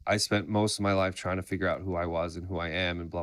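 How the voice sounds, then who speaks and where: A man in his thirties hosting an interview, speaking earnestly and reflectively with some halting restarts. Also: low voice, fairly even intonation, fairly bright tone, clear, resonant tone. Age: 30s. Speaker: podcast host. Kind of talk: conversational interview.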